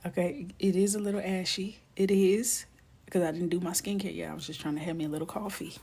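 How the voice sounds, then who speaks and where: A woman in her thirties chats casually on a coloring live stream, talking fast in a lowish, husky voice. Her playful, animated stories sometimes drop to a whisper.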